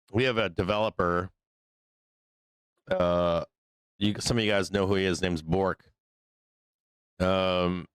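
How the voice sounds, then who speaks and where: A man's voice: low voice, clean tone, no echo. A man hosting a live market stream while losing his voice from being sick, talking in a rambling way with lots of fillers. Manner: rambling, many fillers and restarts, hums to himself. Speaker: live stock market show host. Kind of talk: casual live-stream chat.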